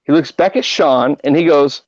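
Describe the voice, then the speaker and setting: A middle-aged man hosts a podcast, casually telling rambling, profane anecdotes. His voice sits on the high side at a normal speed, with no echo. The audio is dull and lo-fi.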